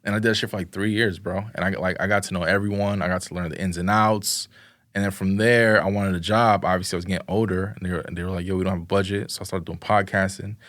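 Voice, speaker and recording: A young man with a somewhat low voice spins a loose, slangy story full of "like" and acted-out quotes. His sound is close and dry, with almost no room around it. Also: fairly even intonation, fast, fairly bright tone, no room sound. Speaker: podcast guest, videographer. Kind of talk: casual interview chat.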